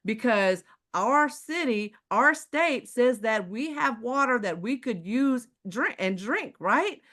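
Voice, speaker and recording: A woman's voice: a little high, animated, takes it slowly, fairly bright tone. A woman from Houston with a Texan accent, giving a live online sales presentation. She talks emphatically and keeps firing rhetorical questions straight at her audience. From Houston, Texas.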